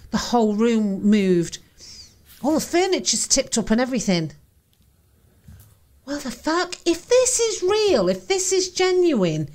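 A woman hosting a reaction video, swearing and exclaiming as she watches a ghost hunt, panicky and jumpy. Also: on the high side.

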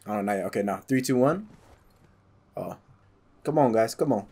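A young man casually commenting while playing a game, excitable and swearing, yelling at sudden scares. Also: fairly low pitch, normal speed, vocal fry. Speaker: gaming YouTuber.

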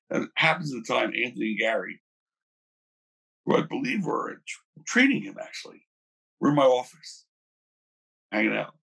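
An older man, a former wrestling promoter, telling animated stories in a casual interview, acting out the people he quotes. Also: mid-range voice, creaky, slightly rough. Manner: animated storyteller, acts out quoted voices.

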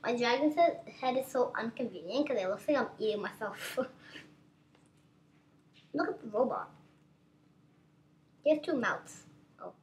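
A woman giving excitable, chatty gameplay commentary as a gaming channel host, constantly exclaiming at what happens on screen. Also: fairly high pitch, unhurried, pauses often, slight background noise.

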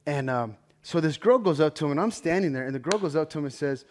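A man with a slightly higher-than-average voice leads a Bible study in a loose, chatty sermon. He tells stories animatedly, swinging between loud and quiet, and keeps asking his listeners "right?". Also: animated, fast, hardly any pauses. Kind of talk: casual sermon storytelling.

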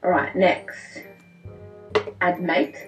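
A woman's voice: on the low side, little pitch movement, extremely slow, faint music behind. A young adult woman with an Australian accent, casually teaching slang in a dry, matter-of-fact, offhand way. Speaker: guest vlogger in a played-back clip.

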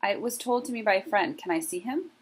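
Woman reading as lil mother mouse, polite n earnest, husky. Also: mid-range voice, lively intonation, a little fast. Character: small brave mother mouse, anxious but calm.

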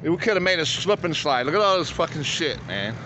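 Fairly high-pitched, sing-song, and fairly quick, a man's voice narrates a casual, profane vlog of storm damage at his home. He films outdoors in the yard and street on a handheld phone, boasting in slang, and the lo-fi audio carries outdoor noise.

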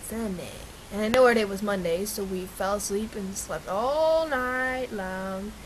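A woman's voice: mid-range voice, measured pace, noisy background. A young woman chatting casually to camera with her twin, rambling and correcting herself as she goes. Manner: rambling, self-correcting, giggly. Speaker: vlogger, twin sister.

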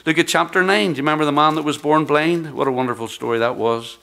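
A man, the church's pastor, preaching a sermon, rising loud when he reads scripture and dropping to quiet, hushed words. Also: fairly high pitch, quick pace, gravelly. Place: church sanctuary.

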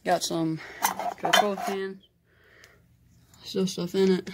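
A man's voice: sits high, level tone, slow pace. Rambling young guy vlogging, noisy recording. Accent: light Southern US. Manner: rambling, lots of "like" fillers. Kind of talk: casual vlog chat. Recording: noisy home video.

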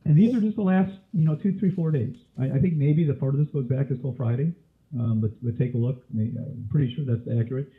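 A man's voice: mid-range voice, fast. Man teaching trading over tinny audio. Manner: quizzes listeners with frequent questions. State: coughing, throat irritation. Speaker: trading instructor. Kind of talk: live webinar teaching.

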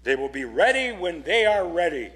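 A man doing a gruff grumbling woodcarver. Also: on the high side, big pitch swings, moderate pace, fairly bright tone. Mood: gruff curt. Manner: gruff, curt, dismissive.

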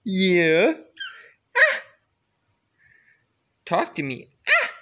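A father gently coaxing his baby in a home video, sometimes turning playfully dramatic. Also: sits high, wildly swooping pitch, extremely slow.

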